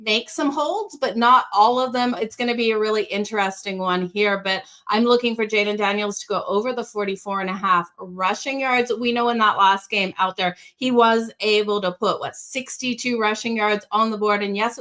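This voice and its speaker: A woman with a slight Australian accent hosts a sports betting show. Her voice is bright and forward, and she sits at a middling pitch while running through picks in an upbeat, direct way. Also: normal speed, hardly any pauses. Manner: upbeat, addresses viewers directly.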